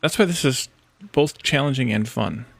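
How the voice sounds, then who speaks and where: A man's voice: medium pitch, expressive, moderate pace, gravelly, breathy edge, dry recording. A man streaming a building game, chatting casually with his viewers and talking himself through each step. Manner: chatty, reacts to chat, talks to himself while building. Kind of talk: casual let's-play commentary.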